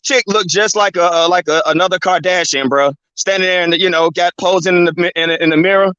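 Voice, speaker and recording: A man's voice: high voice, fairly even intonation, a little fast, bright, forceful tone, clean tone, dry recording. A man hosting his channel in a casual, rambling, profanity-filled rant, filling his talk with "man" and "you know what I'm saying". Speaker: channel host. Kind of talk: casual ranting monologue. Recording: dull, lo-fi dry recording.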